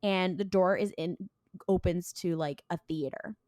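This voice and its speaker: A woman's voice: lowish voice, a little slow, no echo, clean studio sound. A young woman co-hosting a podcast, casually recapping an episode and acting out the characters' lines with lots of laughter. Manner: animated retelling, voices characters, laughs often. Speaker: podcast co-host. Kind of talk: casual recap with acted quotes.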